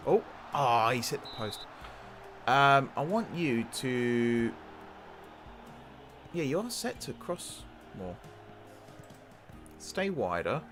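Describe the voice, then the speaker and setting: Gaming host, male, lively up-and-down delivery, talks at the screen like a fan in the stands. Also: mid-range voice, slow, long pauses, soft background music. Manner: excitable, talks to the game's players. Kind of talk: casual game commentary.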